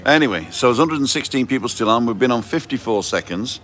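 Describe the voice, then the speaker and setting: A man's voice: mid-range voice, expressive, fast talker, a bit bright, faint music behind. A man hosting a casual live stream and explaining things step by step. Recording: street noise and passing vehicles.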